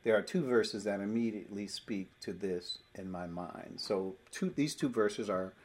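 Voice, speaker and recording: Man, low husky voice, Bible teacher explaining verses and reading scripture with emphasis. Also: normal speed, a little mellow.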